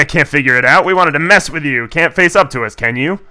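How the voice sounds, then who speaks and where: A man's voice: a little high, brisk, bright, forceful tone, clear, resonant tone. A man reading the lines of sneering young male bully creatures in a game, in a taunting, mocking way.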